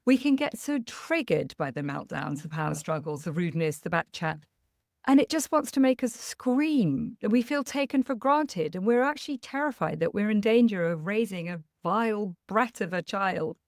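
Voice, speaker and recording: Woman, middle-aged, podcast host, candid and reassuring, mid-pitched voice, dry close sound. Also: animated, normal speed, darkish tone, no echo. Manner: earnest, candid and reassuring, laughing at herself. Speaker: parenting coach, podcast host. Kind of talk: podcast monologue with personal anecdotes.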